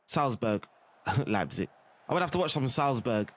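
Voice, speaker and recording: A young gaming streamer chats casually while playing a football management game, laughing often and calling the viewer "bro." His medium-pitched voice is animated and fairly bright, and he speaks unhurriedly.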